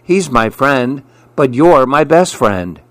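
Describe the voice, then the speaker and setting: A man reading aloud, voicing a kind young girl in a picture book who speaks gently and reassuringly. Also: medium pitch, animated, slow pace, no echo. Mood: gentle.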